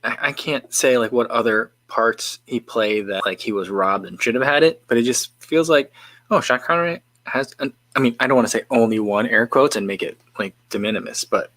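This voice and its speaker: A man's voice: mid-range voice, moderate pace, a bit bright, no echo. A man hosting a livestream in a casual chat, reading out viewer comments and musing in a rambling way with frequent restarts. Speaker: livestream host.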